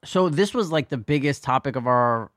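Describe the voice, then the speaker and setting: A man co-hosts a podcast in a mid-range, slightly bright voice with lively intonation and normal speed. The studio sound is clean with no echo. He banters casually, cracks crude jokes, and swears freely.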